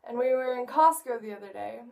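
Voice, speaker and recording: A woman's voice: a little high, fast talker, creaky, darkish tone, distant mic. A teenage girl giving a casual video message to a friend, chatty and rambling, often laughing as she talks. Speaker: vlogger addressing a friend.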